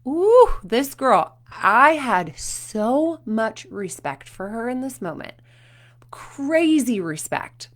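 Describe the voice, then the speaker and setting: Animated woman coach talking to parents. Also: fairly high pitch, slow pace. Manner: animated storytelling with acted quotes. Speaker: performance coach.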